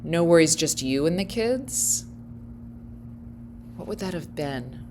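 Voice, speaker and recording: A woman giving casual, wry commentary as she reacts to a video clip, laughing often and thinking out loud. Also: sits low, lively intonation, takes it slowly, a little hiss or hum.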